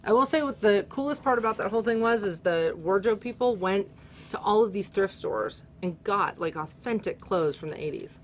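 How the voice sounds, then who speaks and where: A woman's voice: mid-range voice, lively intonation, normal speed, a little hiss or hum. A woman chatting casually as a guest, talking freely and filling her sentences with "like". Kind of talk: casual chat.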